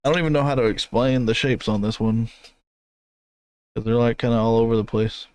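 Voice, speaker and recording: A man's voice: medium pitch, fairly even intonation, a little fast, darkish tone, no echo. A man with an ordinary mid-range voice chats casually as a podcast co-host, rambling a little as he talks things through. He laughs easily and keeps things loose. The sound is close and dry. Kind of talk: casual chat reviewing race car paint schemes.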